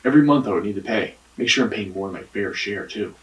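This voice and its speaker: A man's voice: lowish voice, lively intonation, fast, a bit bright, recorded from a distance, highs cut off, soft background music. An actor playing a defensive man questioned by police in a mystery game, talking evasively and swearing. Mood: guarded. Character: defensive, guarded young man under police interrogation.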